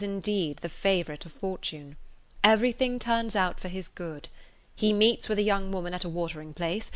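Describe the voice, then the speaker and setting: A woman reading the part of an earnest, grave gentleman suitor, speaking in a measured and tender way. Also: mid-range voice, no room sound, lightly acted.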